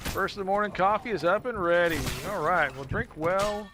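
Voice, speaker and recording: A man streaming a video game, chatting casually and jokily with viewers, thanking them and breaking into laughs and sudden loud exclamations. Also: sits high, normal speed, music in the background. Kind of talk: casual live-stream chat while gaming.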